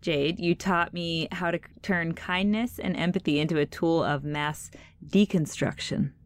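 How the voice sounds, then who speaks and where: A woman's voice: on the low side, fairly even intonation, a little slow. A woman in her thirties hosting a podcast, telling a long story in a chatty way with fillers and restarts. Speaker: podcast host. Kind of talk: casual podcast interview.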